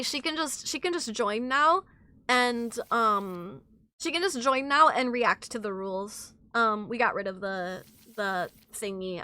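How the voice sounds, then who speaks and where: A woman livestreamer casually chatting with her viewers, excitable and giggly, swearing freely and reacting to chat messages. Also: a little high, dry recording.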